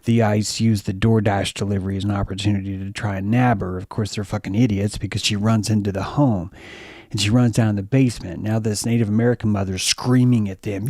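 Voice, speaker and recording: An animated man with a lowish voice talks casually on a co-hosted chat show. He swears freely and acts out quotes from the stories he tells. The mic is close and dry, with no room sound. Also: fairly quick, no room sound. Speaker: show co-host.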